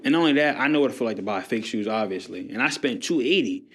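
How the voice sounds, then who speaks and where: A man's voice: medium pitch, quick pace. A young man on a podcast, casually telling a story about reselling sneakers and acting out the back-and-forth of the conversations. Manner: animated storyteller acting out dialogue.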